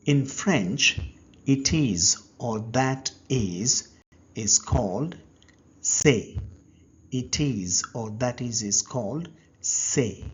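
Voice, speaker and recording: A man teaching a step-by-step language lesson, speaking slowly and patiently and pausing so learners can answer. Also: medium pitch, lively intonation, slightly rough. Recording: dull lo-fi recording.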